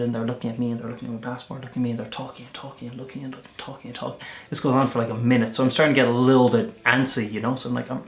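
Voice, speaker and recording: A young Irish man telling travel stories in a casual vlog, chatty and animated, often restarting his sentences. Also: medium pitch, echoey room, a little hiss or hum. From Ireland. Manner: chatty, animated storyteller with self-corrections. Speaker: volunteer vlogger.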